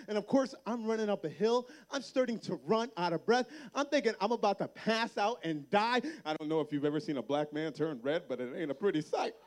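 High-voiced, animated young man preaching. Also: fairly quick, few pauses. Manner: animated storyteller acting out the people in his story; drops to a soft, earnest tone for the closing appeal. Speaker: camp speaker. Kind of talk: sermon-style storytelling to students. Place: large room with an audience.

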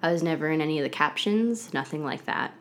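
A woman in her twenties talks as a podcast guest, her voice sitting noticeably low. She tells her story in a loose, chatty way, scattering "like" and "um" through every sentence. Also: animated, quick pace. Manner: chatty, heavy use of "like" and "um". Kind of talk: casual storytelling interview.

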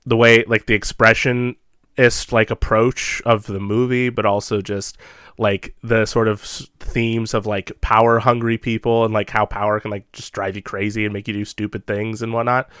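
Chill guy chatting on a podcast, smooth clear voice, dry close sound, rambles and chuckles a lot. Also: lowish voice, level tone, normal speed, fairly bright tone, no echo. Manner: laid-back, rambling, chuckles often. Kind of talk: casual chat.

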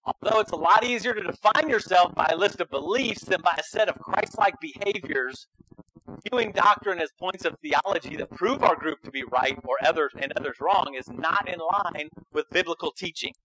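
Male pastor, high and bright voice, casual, emphatic sermon delivery. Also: moderate pace, rough recording. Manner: conversational and emphatic, keeps checking in with "okay?".

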